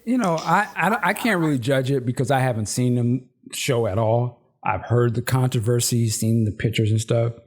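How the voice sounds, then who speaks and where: Male co-host, laid-back casual chat, thoughtful. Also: mid-range voice. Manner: relaxed, thoughtful, measured opinions with slang. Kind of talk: casual movie review chat.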